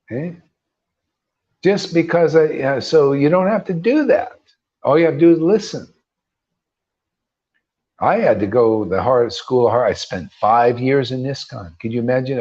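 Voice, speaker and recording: A man's voice: mid-range voice, darkish tone, husky. A man giving an informal devotional talk to a group, emphatic and preachy, often restarting and rising into bursts. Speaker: spiritual teacher. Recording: dull lo-fi sound.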